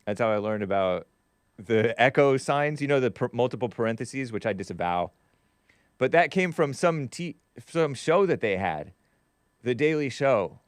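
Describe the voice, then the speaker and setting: A man's voice: medium pitch, lively intonation, moderate pace, clear, resonant tone, dry recording. A man hosting a live talk stream, reading viewer chats with a wry tone and frequent laughs. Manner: wry, laughs often, trails off and restarts. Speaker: show host.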